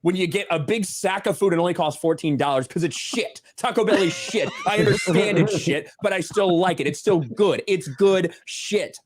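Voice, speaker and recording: An American man telling an indignant, profanity-heavy story as a show co-host, loud and animated. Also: high-pitched, moderate pace, few pauses, background noise. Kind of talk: profane ranting anecdote.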